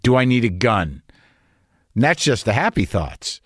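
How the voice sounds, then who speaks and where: A man's voice: medium pitch, very animated, measured pace, dry recording, studio quality. Neurotic older man ranting dryly. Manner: neurotic, rambling, profane. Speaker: podcast host. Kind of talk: comedic monologue and casual conversation.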